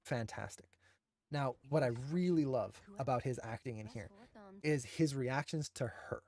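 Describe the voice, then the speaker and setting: A man's voice: mid-range voice, moderate pace, darkish tone. A man who teaches animation, enthusiastically breaking down shots with emphatic, admiring commentary.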